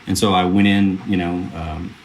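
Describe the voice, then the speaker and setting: This man's low, creaky voice holds a level tone at normal speed, with slight background noise. A film producer in his thirties, he's a podcast guest telling earnest stories in a casual interview, rambling with fillers and restarts.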